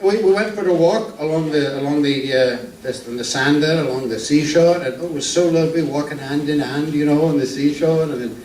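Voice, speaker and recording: Casting: an older man putting on a wry, rambling old vaudeville comic with a higher voice, heard from a distance on an echoey stage. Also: a little fast, few pauses, darkish tone, lightly acted. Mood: wry patter. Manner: rambling, hesitant patter with stammered restarts. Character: old male music-hall comedian, henpecked and wry. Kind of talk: vaudeville stand-up routine. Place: theater stage. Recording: echoey stage from a distance, faint room noise.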